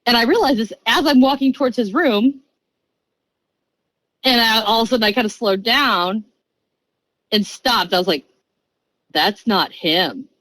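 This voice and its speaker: A woman's voice: a little high, no room sound, low-quality recording. Chatty woman telling a story, very dry sound. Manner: animated, acts out voices and quoted lines; quick, chatty bursts with many fillers. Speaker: podcast guest. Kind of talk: casual storytelling.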